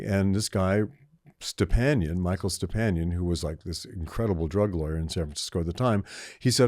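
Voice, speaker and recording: An older man in his seventies co-hosts a podcast, with a low, darkish voice at a moderate pace, recorded in a dry, clean studio. In casual chat he tells a long, rambling story with restarts, acting out the voices of people he quotes.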